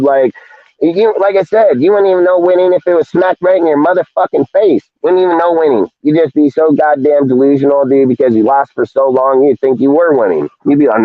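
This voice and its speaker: A man's voice: medium pitch, no room sound. A man hosting a live fan show, ranting heatedly and swearing constantly. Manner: heated, profane, rapid rants. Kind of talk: ranting live-stream talk. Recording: dull lo-fi stream audio.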